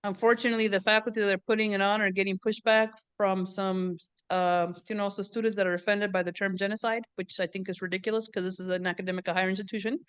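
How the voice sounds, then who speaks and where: Woman host from the border, chatty and teasing, crisp bright voice, dry close sound. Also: medium pitch, level tone, fast talker, hardly any pauses, no echo. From US-Mexico border region. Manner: chatty, joking, mixes in Spanish. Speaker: event host and professor. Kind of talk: casual chat hosting a book event. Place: classroom or event room.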